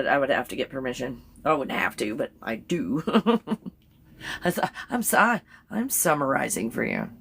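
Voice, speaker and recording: Woman, live-stream host, rambling casual talk, slightly low voice, quick to laugh. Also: fairly bright tone, a little hiss or hum. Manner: chatty, rambling, laughs often.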